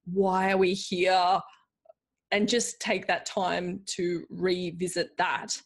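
A woman's voice: on the low side, level tone, slow pace. A woman hosting a bookkeeping podcast in a chatty, rambling way, full of fillers and playful quoted voices. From Australia. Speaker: podcast host, bookkeeping coach. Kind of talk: casual solo podcast talk.

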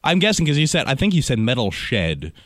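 A man's voice: mid-range voice, huge pitch swings, a little fast, no room sound, clean studio sound. A man hosting a morning radio show, bantering playfully and riffing on silly ideas. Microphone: studio microphone.

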